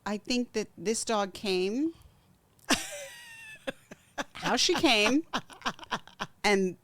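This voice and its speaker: Calm, even-keeled woman co-host. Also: mid-range voice, drawn-out words, slight background noise. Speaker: podcast co-host. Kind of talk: comedic casual chat.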